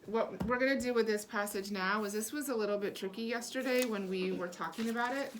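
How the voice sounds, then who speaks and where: A woman's voice: on the high side, fairly quick, very noisy. A woman reading teacher leading a small-group lesson, encouraging and lavish with praise, asking patient questions and explaining step by step.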